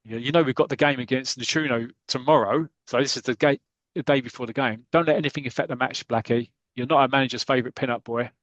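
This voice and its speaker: A man's voice: mid-range voice, steady tone, fast, fairly bright tone, no echo, lo-fi sound, natural voice. A man reading out a comic, voicing an earnest young team captain who presses a teammate.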